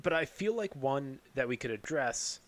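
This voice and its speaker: A man's voice: medium pitch, lively intonation, moderate pace. Self-deprecating man setting up a joke. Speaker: podcast guest. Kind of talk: casual comedic chat.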